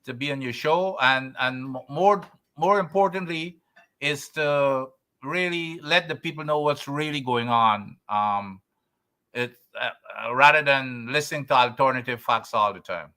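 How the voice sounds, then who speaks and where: Bright-voiced earnest male guest. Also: medium pitch, a little slow, smooth. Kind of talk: interview.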